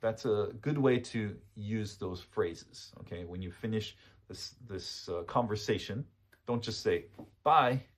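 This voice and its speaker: A man's voice: on the low side, measured pace, darkish tone. A man teaching English phrases in a casual spoken lesson, explaining patiently, repeating each phrase and checking in with "okay?".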